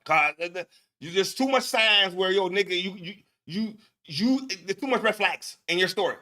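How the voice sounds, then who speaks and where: A man's voice: high voice, animated, moderate pace, bright, forceful tone. A man hosting a talk show, reacting to a clip with laughing, profane, repetitive commentary. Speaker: show host.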